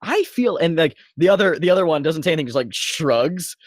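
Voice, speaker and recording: A man narrating as dungeon master, halting with many fillers and restarts. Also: a little high, no room sound. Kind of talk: narrating a tabletop game.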